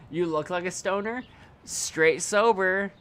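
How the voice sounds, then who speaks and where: A man's voice: high-pitched, slow pace, fairly bright tone, clean tone. Chatty man streaming a game. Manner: rambling, chatty, talks back at the screen and chat. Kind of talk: live gameplay commentary.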